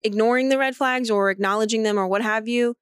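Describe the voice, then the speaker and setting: A woman's voice: on the high side, fairly even intonation, quick pace, clean tone, no room sound. Woman podcast cohost, blunt, swears a lot, rambles thru her thinking, dry sound. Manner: candid, swears freely, talks things through at length. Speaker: podcast co-host. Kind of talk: casual chat.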